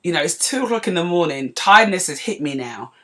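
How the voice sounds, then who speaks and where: A woman in her forties from North London with a London accent, hosting a podcast and telling a story in a lively, chatty way with asides to her listeners. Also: lowish voice, fast talker. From North London, England. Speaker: podcast host. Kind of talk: casual storytelling monologue.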